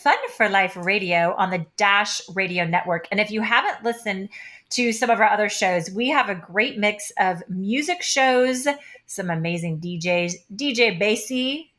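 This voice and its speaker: A woman's voice: mid-range voice, moderate pace, a bit bright. A woman from Kansas and Oklahoma hosting a radio talk show, gushing and enthusiastic, repeating phrases and filling gaps with "like" and "you know.". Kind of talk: upbeat radio interview chat.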